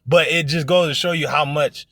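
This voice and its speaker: A religious teacher preaches informally to an online audience, blunt, profane and emphatic in his exhortation, acting out other people's voices in his stories. His voice is a little high, steady and fairly bright at normal speed, recorded in studio quality with no echo.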